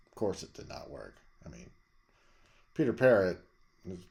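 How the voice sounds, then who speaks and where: A middle-aged man, the host, chatting casually and rambling about his record collection, jumping to loud emphasis. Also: sits low, very animated, moderate pace, creaky. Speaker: vlog host reviewing records.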